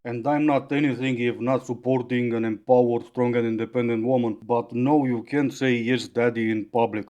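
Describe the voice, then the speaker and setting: A man's voice: medium pitch, steady tone, normal speed, few pauses, mellow, dull audio. A man hosting reaction commentary, mocking the clips with dry humor. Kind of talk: sarcastic commentary.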